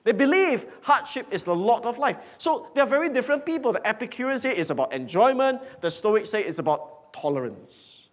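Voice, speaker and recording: A man preaching a sermon in a church hall, emphatic, swinging from loud declarations to hushed whispers. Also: very high voice, big pitch swings, fairly quick, few pauses. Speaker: pastor.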